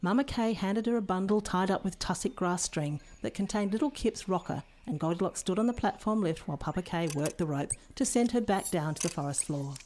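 A woman's voice: medium pitch, animated, brisk, hardly any pauses, a little hiss or hum. A woman narrating a children's story in a storybook manner. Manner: warm storybook reading.

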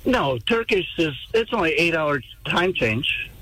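A man's voice: a little high, big pitch swings, a little slow, bright, forceful tone, no room sound. A man calling into a radio show over the phone, wisecracking and chatty. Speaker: caller. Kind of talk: call-in radio conversation. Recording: phone line.

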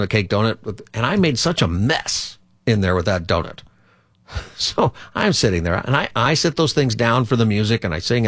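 A man hosts a call-in radio show as a pastor, chatting loosely with plenty of fillers. His voice sits on the low side and sounds close and dry in a studio. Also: fairly bright tone, no echo. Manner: chatty, conversational, rambling with fillers.

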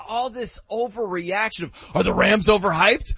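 A man's voice: high voice, measured pace, gravelly, breathy edge, no room sound, highs cut off. A man hosting a casual sports talk show who jokes and fires off rhetorical questions. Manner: animated, joking, rhetorical questions.

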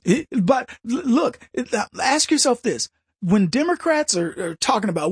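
A man hosting a political talk radio show, ranting in an animated monologue with mocking put-on voices and frequent restarts. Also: extremely high pitch, moderate pace, husky, dry recording, clean studio sound.

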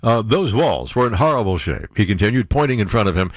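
A man's voice: lowish voice, a little fast, few pauses, no echo, studio quality. Sarcastic male talk radio host. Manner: sarcastic, animated commentary with mock-incredulous outbursts. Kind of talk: reading and mocking news on air.

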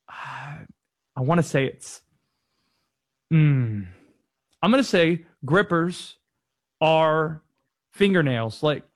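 An easygoing man hosting sports talk radio from a studio, curious and quick to laugh as he banters with guests. His voice sits a touch high for a man, and the sound is dry and close to the mic. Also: no room sound.

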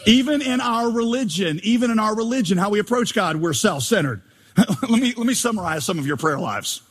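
Husky high-voiced man preaching. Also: animated, brisk. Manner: emphatic, humorous, mimics prayers. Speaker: pastor. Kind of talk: sermon. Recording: long reverb of a large hall.

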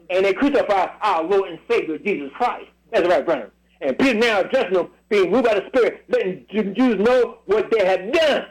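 Radio preacher, male, high lively voice, emphatic call-and-response scripture reading. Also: low-quality recording. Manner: drawn-out emphatic phrasing, repeated questions. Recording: radio broadcast.

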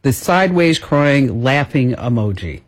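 A woman's voice: extremely low pitch, very animated, unhurried. A woman hosting a radio show, chatting playfully and laughing often. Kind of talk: casual chat.

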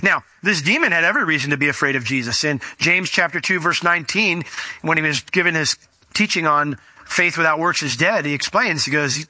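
A middle-aged man preaching a sermon, animated and acting out the voices he quotes. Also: a little high, brisk, no room sound. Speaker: pastor.

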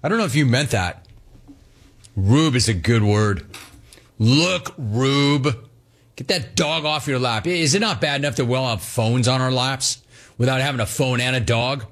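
A man hosting a sports radio call-in show, brash, playful and fast-talking. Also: medium pitch.

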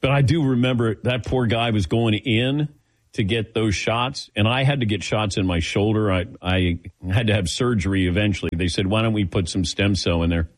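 A man hosting a talk show, telling stories in a casual, animated way and acting out the dialogue. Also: on the low side, normal speed, no echo. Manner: animated storyteller, acts out dialogue with laughs. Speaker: radio show host.

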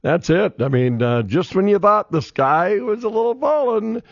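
Animated male sports radio host. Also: sits high, normal speed, no room sound. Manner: animated storyteller, laughs often. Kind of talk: casual sports radio chat. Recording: dull, dry studio sound.

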